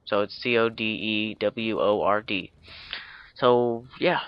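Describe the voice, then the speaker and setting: In a slow, smooth, steady voice on the low side, a young man rambles through a film recap for his casual vlog, full of fillers and self-corrections. This video uploader recorded at home, and the audio is dull and lo-fi with no echo.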